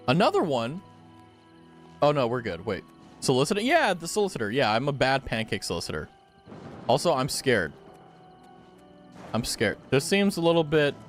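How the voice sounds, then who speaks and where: A young man streaming a game, talking casually and joking around. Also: mid-range voice. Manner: joking, rambling, giggly. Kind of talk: casual gameplay commentary.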